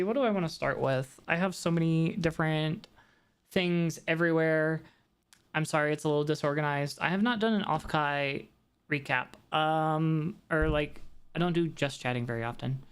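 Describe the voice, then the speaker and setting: A woman with a lowish voice chats loosely with her livestream viewers, rambling from one thing to the next and talking straight to them. Soft background music plays faintly under her voice. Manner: rambling, chatty, talks straight to her chat. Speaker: VTuber streamer. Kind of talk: casual livestream chat.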